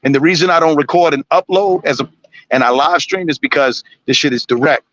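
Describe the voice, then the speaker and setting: A man's voice: a little high, brisk, a bit bright, no room sound, muffled recording. A man ranting on a live stream, blunt and preachy, swearing constantly. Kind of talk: profane ranting monologue.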